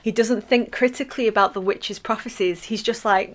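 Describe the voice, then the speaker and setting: A woman's voice: on the high side, fairly even intonation, fairly quick, few pauses. A woman teaching a literature revision lesson in a chatty, playful way, acting out quotes now and then.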